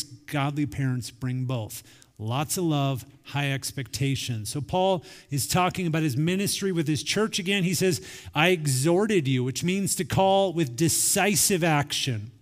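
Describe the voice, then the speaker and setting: A man's voice: fairly high pitch, a little slow. A man in his forties preaching a sermon in a conversational way, acting out quoted family dialogue. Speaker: pastor. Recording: long reverb of a large hall.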